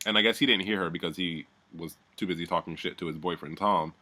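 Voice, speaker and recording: A man's voice: fairly low pitch, expressive, a little fast, bright, forceful tone. A man giving a casual, sardonic recap of a reality show, swearing freely and rambling as he goes.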